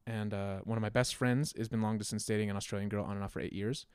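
A young man, a musician guest, chatting casually about his plans in a relaxed, rambling way with frequent laughs. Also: fairly low pitch, fast, clear, resonant tone, no room sound. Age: young adult. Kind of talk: casual conversation.

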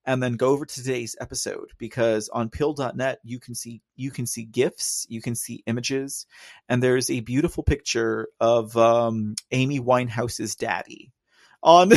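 A man's voice: medium pitch, normal speed, no echo, clean studio sound. A man with a Texan drawl hosting a casual live stream, rambling, laughing often and talking straight to his chat. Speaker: livestream host.

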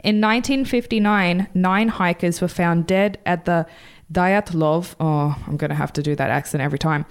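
Brief: woman, podcast host, lowish voice, rambling casual storyteller. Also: brisk, few pauses, clear, resonant tone. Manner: chatty, rambling, swears casually.

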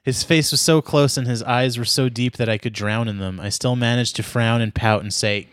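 A man's voice: mid-range voice, moderate pace, few pauses, fairly bright tone, dry recording, clean studio sound. A man reading a melodramatic story aloud in a mock-serious tone, stopping now and then to joke with a co-host. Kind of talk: dramatic reading with banter.

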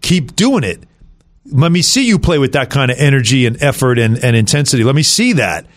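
A man hosting sports radio, talking through a game with animated emphasis. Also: medium pitch, a little fast. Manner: animated, lots of fillers and restarts. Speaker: radio host.

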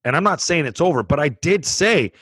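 A man with a lively, swooping voice trading casual sports banter. He is emphatic and hammers his points home by repeating them. The sound is dry and close. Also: fairly high pitch, brisk, slightly rough, no echo. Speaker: podcast co-host.

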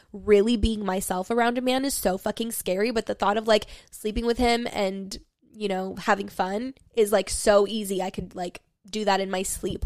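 A woman's voice: mid-range voice, no echo. Young female podcast host, mid-range voice, dry close mic, candid and profane, full of "like" fillers, pep-talk energy. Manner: frank and swearing, many "like" fillers; pep-talk tone, coaching listeners. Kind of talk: candid solo podcast monologue.

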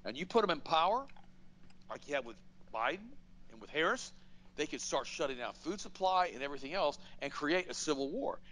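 A man's voice: on the high side, a little fast, rough recording. Middle-aged guy on a talk show, blunt and worked up, voice jumps way up on big points. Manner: emphatic, animated, blunt storytelling with acted-out quotes. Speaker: radio show host. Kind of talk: political commentary, conversational monologue.

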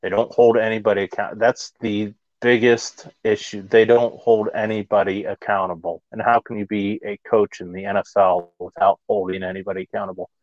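A man hosting a casual sports talk show, measured and thoughtful. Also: lowish voice, level tone, no echo, lo-fi sound. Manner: measured, with fillers. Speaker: podcast host.

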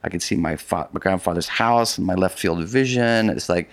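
A middle-aged man telling a long story in a casual conversation, animated and rambling with many restarts. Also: low voice, brisk, no room sound. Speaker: guest, polar expedition adventurer.

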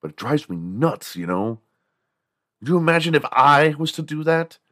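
A man's voice: fairly high pitch, very animated, normal speed, a bit bright, no room sound, clean studio sound. A man hosting a podcast, rambling through a profane, casual comedic rant and now and then bursting into other people's voices. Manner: acts out quoted voices in bursts. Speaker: podcast host.

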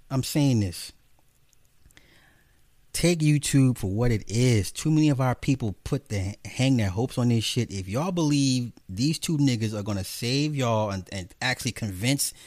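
Profane, animated man ranting on camera. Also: no echo, clean studio sound. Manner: profane, animated, mocking, jumps into high mimicking voices. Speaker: commentary host. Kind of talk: ranting commentary monologue.

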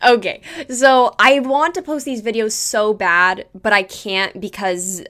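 A woman's voice: mid-range voice, steady tone, measured pace, a bit bright. A woman co-hosting a podcast, chatting casually and laughing as she tells a story. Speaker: podcast co-host. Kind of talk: casual chat. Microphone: video call on computer.

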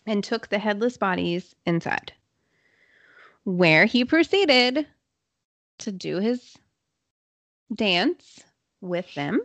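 A woman hosting a podcast, telling a true crime story in a casual, chatty way with quick asides and fillers. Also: mid-range voice, lively intonation, fairly bright tone, dry recording. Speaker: podcast host.

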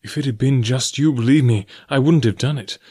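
A gentle, lovelorn nobleman, voiced by a man reading aloud, earnest and pleading. The recording is close and dry. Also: medium pitch, animated, fairly quick, dry recording, close to an everyday voice. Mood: sad.

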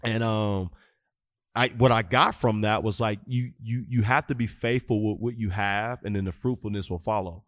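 A man's voice: lowish voice, fairly even intonation, moderate pace, a bit bright, no echo, clean studio sound. A man in his thirties, a youth football coach and podcast guest, telling stories animatedly and acting out the dialogue. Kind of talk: casual interview storytelling.

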